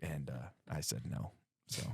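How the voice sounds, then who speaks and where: Man from colorado, very low voice, dry close sound, lively storyteller, casual guest chat. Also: unhurried, gravelly, slightly rough, dry recording. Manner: animated storyteller acting out quotes.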